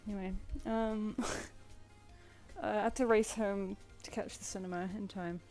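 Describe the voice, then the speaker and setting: A woman's voice: medium pitch, fairly even intonation, unhurried, mellow, soft background music. A young British woman chatting casually while she draws live commissions, cooing playfully at her pet between remarks. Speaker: streamer drawing live commissions. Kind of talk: casual chat while drawing.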